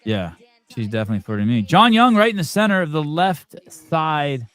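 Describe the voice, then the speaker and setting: A man's voice: fairly high pitch, very animated, moderate pace, fairly bright tone, clear, resonant tone, no echo. A man hosting a podcast, chatting casually and joking as he reacts to a sports broadcast. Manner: joking, profane, wondering aloud. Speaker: podcast host. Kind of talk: casual chat watching a broadcast.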